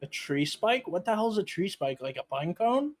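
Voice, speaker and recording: A man's voice: high voice, very animated, moderate pace. A young man in casual stream chat, easygoing and teasing.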